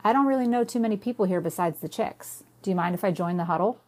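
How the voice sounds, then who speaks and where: A woman's voice: medium pitch, fast talker, darkish tone, close to an everyday voice. A woman voicing a cocky young man who talks in smug, teasing banter.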